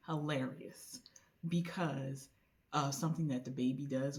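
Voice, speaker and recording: A woman talks through a novel's plot in a relaxed, conversational vlog. She keeps it loose and colloquial, and slips into lively voiced lines for the characters. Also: rumbling low. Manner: chatty, animated retelling with voiced quotes; colloquial with frequent "like" and "you know". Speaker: book reviewer. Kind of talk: casual book recommendation vlog.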